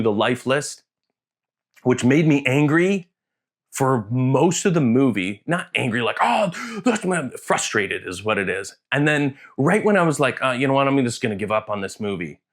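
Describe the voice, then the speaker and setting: Male vlogger, mid pitch, chatty and emotional, jumps around and mimics voices. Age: adult, served in the military. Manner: rambling, self-interrupting, emotional and earnest; acts out quoted voices with big pitch jumps. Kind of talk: casual vlog monologue.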